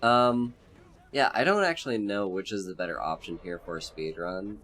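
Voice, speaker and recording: A man streaming a game with hoarse, congested voice from a cold, chatting in a relaxed, rambling way. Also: fairly low pitch, normal speed. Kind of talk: casual game commentary.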